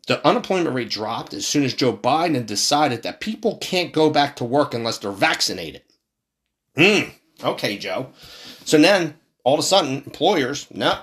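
Brief: a fuming male commentator who swears and trips over his words, voice neither high nor low. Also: a bit bright. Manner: heated, swearing, repeats himself. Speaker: political commentator. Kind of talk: angry profane political rant.

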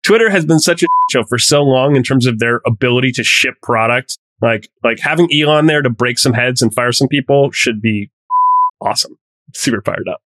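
A man's voice: medium pitch, a little fast, fairly bright tone, no echo. A man in a casual podcast chat, talking in emphatic, rambling bursts full of "like". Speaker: podcast co-host.

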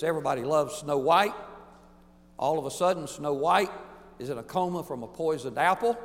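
High-voiced man preaching a sermon. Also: big-room sound. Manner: emphatic, swings from booming to hushed. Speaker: pastor.

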